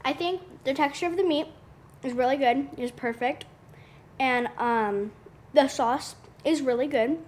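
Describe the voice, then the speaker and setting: Soft-spoken young taste tester. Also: female voice, high-pitched, measured pace.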